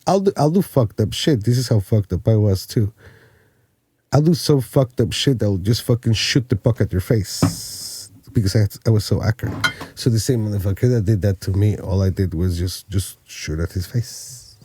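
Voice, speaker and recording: Mexican guy in his 40s, low mellow voice, dry close sound, cussing and laughing through old stories. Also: moderate pace, breathy edge, dry recording. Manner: laughing, swearing, animated anecdotes. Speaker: podcast guest. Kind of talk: casual storytelling chat.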